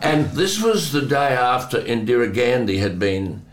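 A man's voice: mid-range voice, sing-song, echoey room, over a noisy crowd. Older man telling anecdotes. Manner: anecdotal, chuckling often, quick asides. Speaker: host. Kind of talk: conversational storytelling.

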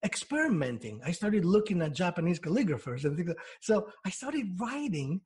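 A man with a husky, somewhat high voice talks through his work as a hypnotherapist. He builds each point from everyday examples and often restarts his sentences mid-thought. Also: big pitch swings, normal speed, a little mellow. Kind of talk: explanatory interview talk.

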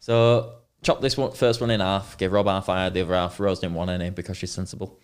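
A man's voice: sits low, flat delivery, fast talker, clear, resonant tone. A young man telling a rambling, sweary story in casual chat as a podcast co-host.

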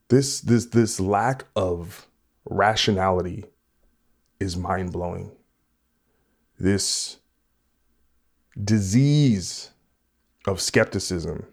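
Podcast host guy, kinda low voice, heated and swearing a lot, casual rant. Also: drawn-out words, pauses often, darkish tone. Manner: profane, heated ranting.

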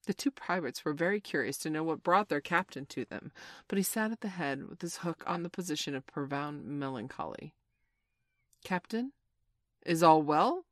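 A woman reading a children's classic aloud as narrator, steady and expressive. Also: sits low, fairly quick, dry recording, studio quality.

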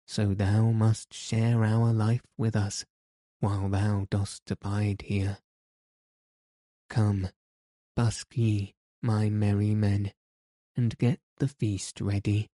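Man voicing a solemn, teasing outlaw leader, storybook style; low, dry and flat. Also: slow pace, no room sound. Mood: mock-grave. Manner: mock-solemn, courteous. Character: grave, courteous male outlaw leader, gently mocking. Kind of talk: audiobook character reading.

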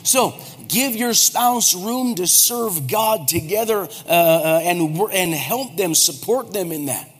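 This forties-aged pastor has a high, slightly rough voice. His sermon is funny and animated, full of jokes and acted-out quoted voices, recorded with hall reverb and faint background noise.

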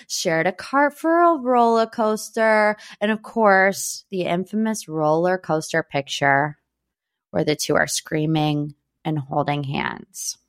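A young woman from Northeast Ohio hosting a podcast, chatting about pop culture in a gossipy, animated way. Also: medium pitch. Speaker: podcast host. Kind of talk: casual pop-culture chat.

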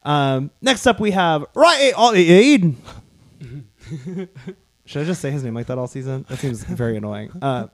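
A man's voice: a little high, lively intonation, a little slow. A man hosting a podcast, chatting casually and playfully while reviewing. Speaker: podcast host.

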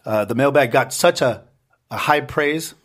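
A man with a Brooklyn accent co-hosting a podcast, telling stories in animated, profane casual banter. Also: mid-range voice, measured pace. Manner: animated, profane storytelling with put-on voices. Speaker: podcast co-host.

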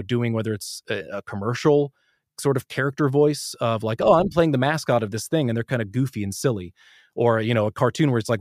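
Eager American voice actor, dry sound. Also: male voice, mid-range voice, no echo. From United States. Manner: animated and eager, quick to jump between ideas. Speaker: audiobook narrator and voice actor. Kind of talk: casual interview talk.

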